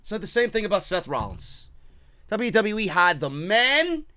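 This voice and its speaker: Brief: fired-up male ranter, bright high voice, dry close sound. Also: big pitch swings, unhurried, no room sound. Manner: heated, profane, repetitive ranting; mocking quoted voices. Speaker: wrestling commentary host. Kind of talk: ranting opinion show.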